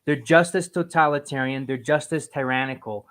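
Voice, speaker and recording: Guy hosting a loose podcast chat, mid-pitched, rambly and lively, laughs a lot. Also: normal speed. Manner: rambling, animated, laughs often. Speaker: podcast host. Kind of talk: casual group chat.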